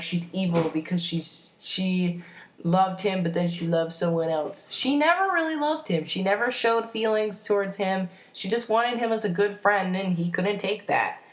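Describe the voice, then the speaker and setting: A woman's voice: mid-range voice, a little hiss or hum. A woman rambling enthusiastically in a casual fan vlog, full of fillers and self-corrections. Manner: enthusiastic, opinionated. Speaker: vlogger.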